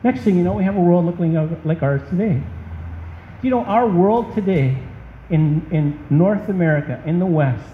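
A man's voice: sits high, expressive, moderate pace, slight background noise. A man preaching a sermon as a pastor, emphatic and impassioned. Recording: dull, echoey hall.

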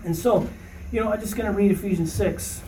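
A man's voice: high-pitched, brisk, dark tone, recorded from a distance, slight background noise. A man leading an informal Bible study for a small group, emphatic and rising to preaching fervor, often checking in with "okay?". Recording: roomy echo, voice from off-mic, faint ambience.

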